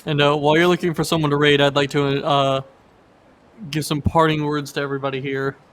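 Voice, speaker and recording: A man's voice: a little high, flat delivery, brisk, fairly bright tone, a little hiss or hum. A man co-hosting a game stream in casual chat, telling corny jokes. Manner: joking, tells groan-worthy punchline jokes. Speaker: guest co-streamer.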